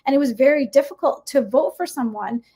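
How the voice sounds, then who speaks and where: Impassioned high-voiced woman. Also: lively intonation, fairly quick, mellow, slightly rough. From United States. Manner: impassioned, emphatic, frequent rhetorical "right?". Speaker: guest educator. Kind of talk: podcast interview.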